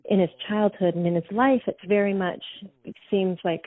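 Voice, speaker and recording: A woman calmly analyzing an interview, thoughtful and measured, using psychological terms. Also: mid-range voice, no room sound. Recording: dry, tinny phone-like sound.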